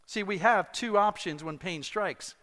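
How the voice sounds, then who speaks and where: A middle-aged pastor laughs at himself while animatedly relating a personal story in his sermon. His high voice moves at a measured pace, and the recording has long hall reverb.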